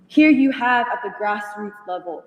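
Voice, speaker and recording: A young woman retelling a conversation to a study group, animated and full of fillers, laughing as she goes. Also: medium pitch, moderate pace, lo-fi sound. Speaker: union member sharing at a study group. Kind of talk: casual storytelling in a group discussion. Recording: echoey hall, voice from far off.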